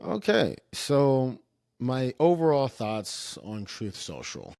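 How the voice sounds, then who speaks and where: A man's voice: mid-range voice, wildly swooping pitch, takes it slowly, gravelly, a little mellow, dry recording, studio quality. A man streaming casual commentary in a rambling, self-interrupting way, often trailing off and restarting.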